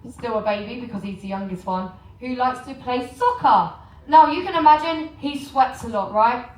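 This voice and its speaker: A woman's voice: a little high, roomy sound, far from the mic, slight background noise, rough recording. An English woman giving a joking, chatty sales talk about shopping to a live audience, often asking the crowd questions. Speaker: cruise port shopping presenter. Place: large room on a cruise ship.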